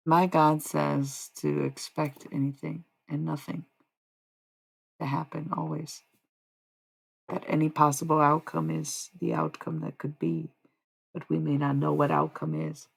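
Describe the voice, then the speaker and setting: A woman with a deep, gravelly voice talks on a live stream as a self-described medium. Her words wander and double back as she corrects herself mid-thought. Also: flat delivery, unhurried, pauses often, poor audio. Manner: musing, meandering, often restarts and corrects herself. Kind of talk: rambling livestream monologue.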